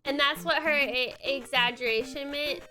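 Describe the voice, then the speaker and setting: A tired, yawning woman streaming a video game, thinking out loud and chatting to her viewers. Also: high-pitched, fairly even intonation, normal speed. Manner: thinks aloud while playing and talks to chat. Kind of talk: casual livestream gaming commentary. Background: game music.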